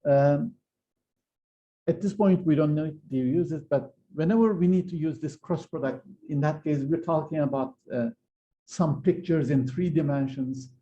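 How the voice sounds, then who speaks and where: A man's voice: a little high, normal speed, dark tone. A man giving a university physics lecture, explaining step by step with frequent hesitations and restarts. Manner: hesitant, many fillers and restarts while explaining. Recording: slightly dull lo-fi lecture recording.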